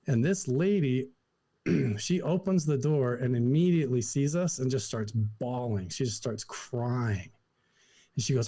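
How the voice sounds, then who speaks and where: Young adult man from Idaho, podcast guest; mellow, relaxed voice, casual animated storytelling. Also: medium pitch. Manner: animated, lots of "like" fillers, acts out quotes.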